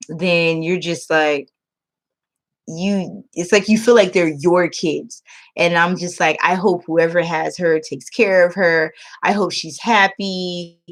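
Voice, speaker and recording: A woman's voice: lowish voice, fairly even intonation, takes it slowly. A woman who tutors English online, telling a story to camera in casual chat and acting out the quotes. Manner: emotional storytelling, acts out quotes.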